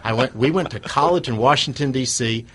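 A man telling his business story as an interview guest rambles through an anecdote, restarting sentences, using fillers and chuckling at himself. His medium-pitched voice is brisk with a breathy edge.

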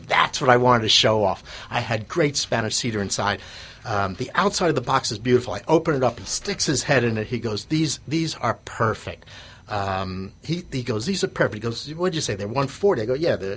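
A man guest telling a casual business story, stammering and repeating words as he gets animated. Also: medium pitch, slightly rough.

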